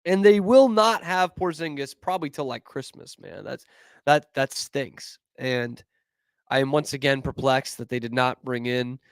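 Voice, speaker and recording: A man hosting a casual sports talk show, animated and profane, with quick asides. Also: mid-range voice, vocal fry, clean tone, no room sound. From Boston area. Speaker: podcast host.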